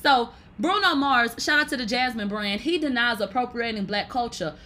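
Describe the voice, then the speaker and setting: A woman hosting a casual livestream, reading viewer comments aloud in a brash, profane way and laughing loudly often. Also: a little high, expressive, moderate pace, a little hiss or hum. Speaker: livestream host.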